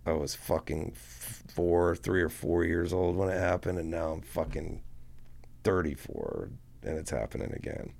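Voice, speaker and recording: A man telling a story to a podcast host in a casual, profane, animated way, acting out what people said. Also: deep voice, unhurried, creaky. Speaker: guest musician.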